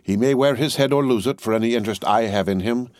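A man reading the part of a stern, ruthless middle-aged female revolutionary, speaking in a cold, commanding, deliberate way. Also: mid-range voice, a little mellow, dry recording, pitched above the performer's own voice, lightly acted.

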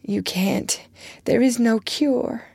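A gentle, frail young girl, as a woman reading a storybook puts her on. She speaks softly in a low, dry voice, often close to a whisper. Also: expressive, slow pace, vocal fry, no echo, heavily acted. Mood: tearful hushed. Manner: soft, hushed, breaking into whispers.

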